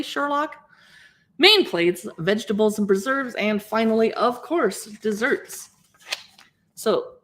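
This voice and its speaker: Wanita 50-an yang ramah dan bersemangat. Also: female voice, mid-range voice. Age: 50s. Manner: chatty and lively, reading recipe names aloud and greeting viewers. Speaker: livestream host. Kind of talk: casual livestream cookbook flip-through.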